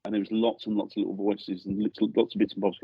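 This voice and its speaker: A man's voice: on the low side, level tone, fast talker, husky, no echo, lo-fi sound. A middle-aged man from England, a guest in a podcast studio, telling ghost-hunting stories in a rambling way that keeps restarting sentences. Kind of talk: casual storytelling interview.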